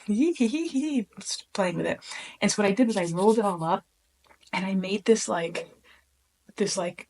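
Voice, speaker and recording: A woman talking casually and alone, recapping her time on a reality competition in a chatty, animated way with many fillers. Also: medium pitch. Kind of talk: casual solo talk.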